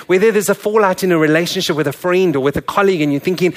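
A man's voice: high voice, lively intonation, rapid-fire, hardly any pauses. A male pastor giving a sermon in a candid, conversational, earnest way.

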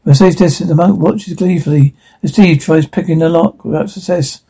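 A man's voice: a little high, fairly quick, vocal fry, dark tone, husky. A man giving scripted narration, plainly describing the action between scenes.

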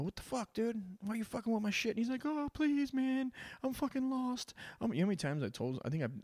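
A man's voice: mid-range voice, darkish tone, dry recording. A man giving a rambling, profane monologue as a podcast host, tossing "dude" into nearly every sentence. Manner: crude, rambling, says "dude" constantly.

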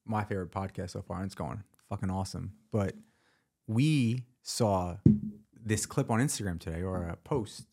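A man's voice: low voice, normal speed, vocal fry, a little mellow, breathy edge. A man hosting a casual podcast, enthusiastic and swearing freely as he retells a movie scene. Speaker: podcast host. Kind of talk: casual chat.

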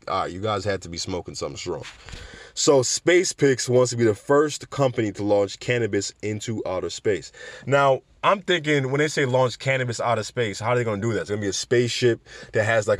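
Male commentator, sarcastic and lively, with a dry, close-miked sound. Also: medium pitch, no room sound. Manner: animated, sarcastic, acts out voices. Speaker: commentator on cannabis news. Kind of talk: casual commentary.

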